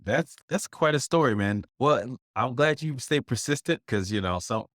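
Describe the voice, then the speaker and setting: A man's voice: medium pitch, animated, moderate pace, a bit bright, dry recording, studio quality. Laid-back man co-hosting a podcast. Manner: easygoing, laughs along, talks to the audience. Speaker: podcast co-host. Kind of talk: casual chat.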